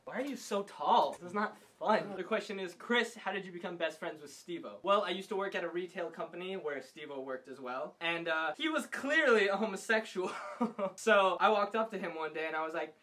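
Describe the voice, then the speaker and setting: A young man with a high, bright voice, teasing his co-host with dry jabs and casual storytelling. He chuckles through anecdotes and pokes holes in every boast. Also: expressive, a little fast. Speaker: co-host and sidekick. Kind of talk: casual comic banter and storytelling.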